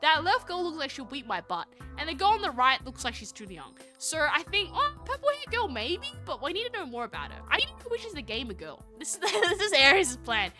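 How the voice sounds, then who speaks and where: A woman streaming a story game live, reading its text aloud and joking with her chat in an animated way. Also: high-pitched, a little fast, hardly any pauses, faint music behind. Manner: animated, jokey, talks to chat.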